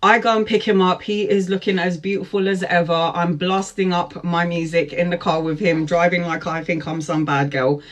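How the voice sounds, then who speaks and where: A woman in her forties telling a personal story, lively, laughing often and acting out what people said. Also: on the low side, normal speed, few pauses. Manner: lively, laughs often, acts out quoted speech. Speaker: tarot vlogger. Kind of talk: storytime chat.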